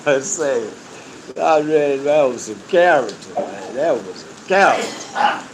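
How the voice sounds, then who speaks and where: A middle-aged man, telling stories in a casual, profane, animated way and laughing often. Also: medium pitch, takes it slowly, a little hiss or hum, rough recording. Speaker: interview guest. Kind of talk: casual storytelling.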